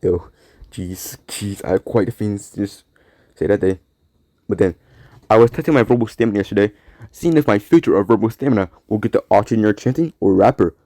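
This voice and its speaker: A man with a lowish, warm, mellow voice hosts a casual solo talk show. He rambles from thought to thought, repeats words and lets sentences trail off into quiet mumbles. The sound is dry and close. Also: a little fast, dry recording. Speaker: podcast host.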